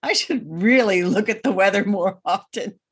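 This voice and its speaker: A woman's voice: mid-range voice, normal speed, husky. A woman co-hosting a podcast in casual chat, wry and matter-of-fact. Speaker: podcast co-host.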